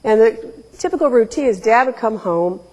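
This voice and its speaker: Her voice sits a little high, with an animated delivery, a moderate pace and a darkish tone. She's a woman in her forties from Ohio giving a public storytelling talk full of candid wit and emphatic quoted asides, recorded in an echoing lecture hall.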